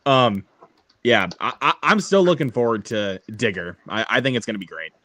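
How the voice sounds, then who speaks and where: Heard over an online call in a dry recording, a young stream host chats casually, laid-back and prone to laughter, often stumbling and restarting. He speaks at normal speed in a medium pitch with big pitch swings and a bright, forceful tone.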